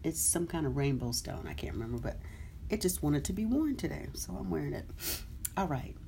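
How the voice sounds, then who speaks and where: A woman's voice: sits low, very animated, fairly quick, gravelly, dark tone, a little hiss or hum. A woman hosting a live meditation stream, talking casually and reacting to viewers' comments with easy laughter.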